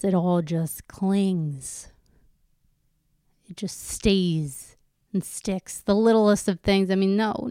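A woman speaks slowly and candidly to her viewers, drifting from one tangent to the next with casual swearing. Her voice has a gravelly fry under a smooth, resonant tone. The sound is dry and close, with no room around it. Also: medium pitch, darkish tone, dry recording. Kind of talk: casual personal monologue.

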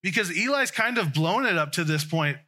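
A man's voice: sits high, expressive, normal speed, pushed and bright. A man preaching a conversational sermon, often restarting and trailing off mid-sentence.

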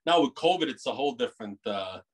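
A middle-aged man born in Italy, a bakery owner, talking in an animated, rambling way with many restarts on a video call. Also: mid-range voice, quick pace, breathy edge. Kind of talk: casual interview over a video call.

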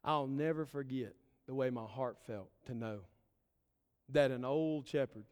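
A man's voice: medium pitch, a little slow, a little mellow, smooth. Earnest male pastor preaching in reverb. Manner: earnest, building emphatic short phrases. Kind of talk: sermon. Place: church sanctuary. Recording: long reverb of a church hall.

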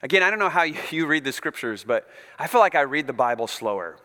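A male pastor preaches in an emphatic, conversational way. His bright, high voice swings widely in pitch. Long reverb from a large hall surrounds him. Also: big pitch swings, fast. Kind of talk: sermon.

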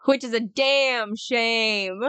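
A woman co-hosting a casual podcast chat, excitable and exclamatory, swearing freely. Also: fairly high pitch, slow pace, clear, resonant tone, no echo. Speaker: podcast co-host.

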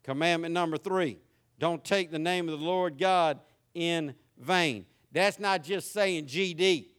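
A man's voice: on the high side, measured pace, a bit bright, clear, resonant tone. A man with a Southern US accent preaching a sermon, folksy and emphatic. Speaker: pastor.

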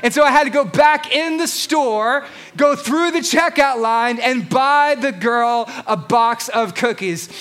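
Male pastor, very high bright voice, playful sermon delivery in a church. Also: unhurried, clear, resonant tone. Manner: lively, joking with the congregation. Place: church hall. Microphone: handheld microphone.

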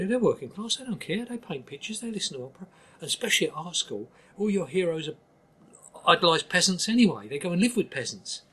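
A man's voice: fairly high pitch, a bit bright, breathy edge. An older man with a Cockney accent, talking bluntly and emphatically as an interview guest, often restarting his sentences. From East London, England. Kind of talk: candid interview talk.

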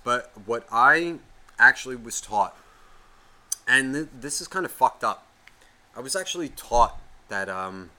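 A man co-hosting a podcast, ranting with constant swearing and sudden loud outbursts. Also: medium pitch. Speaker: podcast co-host. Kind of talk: casual podcast rant.

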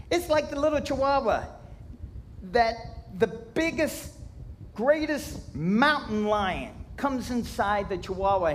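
A man's voice: high voice, a bit bright, a little hiss or hum. A man from Kentucky, preaching a sermon in a folksy, jokey storytelling way, acting out sound effects. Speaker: pastor.

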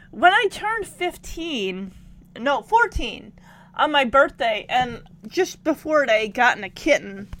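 A woman telling stories casually to camera, animated and emotional, breaking into laughs and sighs. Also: a little high. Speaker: vlogger.

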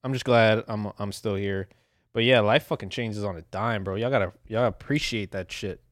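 A man's voice: lowish voice, fairly even intonation, normal speed, dry recording. Young male podcast host, profane rambling solo rant, dry close mic. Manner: profane, rambling, laughs at himself.

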